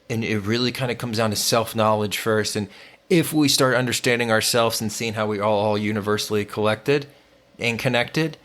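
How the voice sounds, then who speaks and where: Earnest low-voiced man on a podcast. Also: fairly bright tone. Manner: earnest, reflective, with fillers. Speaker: podcast co-host. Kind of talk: conversational podcast talk. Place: home in the US Southwest.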